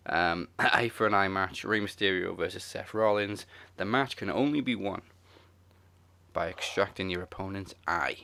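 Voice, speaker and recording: A man's voice: low-pitched, moderate pace, gravelly, sharp tone. A man hosting a podcast, laid-back, moving the talk along in casual chat. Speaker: podcast host.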